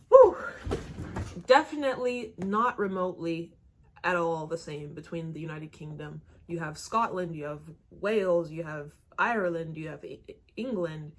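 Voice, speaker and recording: A young American woman hosting a reaction video, chatting casually and exclaiming questions aloud. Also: on the low side. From United States.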